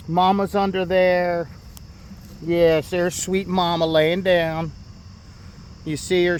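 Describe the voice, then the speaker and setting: Earnest farm-vlogging man, slightly high voice. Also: steady tone, slow, darkish tone, a little hiss or hum. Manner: earnest, defensive, rambling with fillers. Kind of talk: casual vlog talk to viewers. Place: outdoors at a farm barn.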